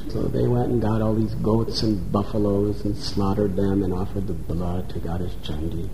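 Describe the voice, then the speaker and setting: A man's voice: lowish voice, level tone, moderate pace, few pauses, dark tone, a little hiss or hum. A man telling a sacred story as a preacher, dramatic and building with repetition. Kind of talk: sermon storytelling. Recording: roomy echo, faint ambience.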